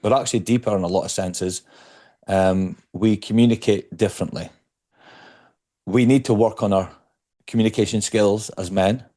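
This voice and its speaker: Low-voiced man, reflective, searching for words. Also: fairly even intonation, moderate pace, pauses often, dark tone. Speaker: podcast guest, speaker on stress. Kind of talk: conversational interview.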